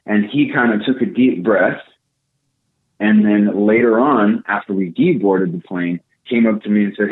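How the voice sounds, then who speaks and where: Low-voiced young man on a tinny line. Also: normal speed. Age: young adult. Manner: animated, profane, acts out quotes. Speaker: podcast co-host. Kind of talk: casual storytelling.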